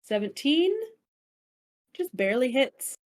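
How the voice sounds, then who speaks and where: A woman's voice: high-pitched, expressive, unhurried. A woman narrating as game master of a tabletop game, calling rolls and describing the enemies' turns.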